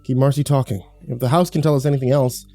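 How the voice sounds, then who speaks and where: A man playing a frantic husband and father in a horror story reading, sharp and commanding. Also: medium pitch, fast, dry recording, soft background music, close to an everyday voice. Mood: tense. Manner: bursts into shouting, then calms.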